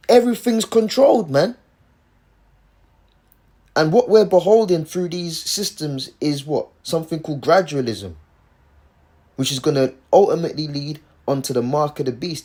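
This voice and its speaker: A man's voice: on the high side, a little mellow. A man in casual religious commentary who preaches emphatically, repeats himself and keeps saying "man".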